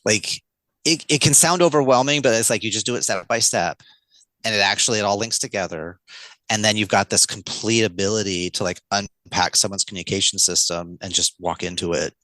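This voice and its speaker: Guy on a podcast explaining stuff with lots of energy, kinda low voice, dry sound. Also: fairly quick, no room sound, low-quality recording. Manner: energetic, explanatory, shifts pace to demonstrate tone. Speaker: podcast guest, communication speaker. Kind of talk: casual podcast interview.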